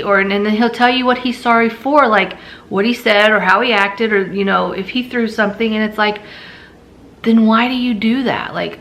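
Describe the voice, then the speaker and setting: A drained woman talks straight to her viewers in a personal vlog. Her voice is gravelly and full of fry, and it sits at a middle pitch. She sounds worn out and vents without polish. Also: a bit bright. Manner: weary, drained venting. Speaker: mother vlogger.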